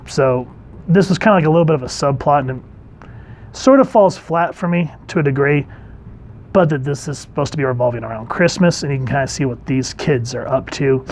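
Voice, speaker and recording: A man, a dad, casually reviewing an old comic book and reading panels aloud in a chatty, relaxed way. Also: medium pitch, a little fast.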